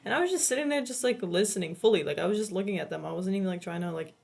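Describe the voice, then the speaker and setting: A woman's voice: mid-range voice, animated, racing, gravelly, a little mellow, breathy edge. A young woman in her late teens chatting casually in a vlog, rambling and swearing, with lots of "like" filler. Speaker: vlogger. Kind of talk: casual chat.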